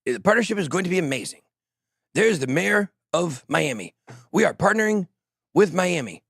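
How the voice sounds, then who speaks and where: A man's voice: high-pitched, big pitch swings, moderate pace, creaky, fairly bright tone, breathy edge, no echo, clean studio sound, voice pushed up, heavily acted. A man voicing a hyped male tech founder announcing a partnership, in a vague, shifting put-on foreign accent. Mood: boastful.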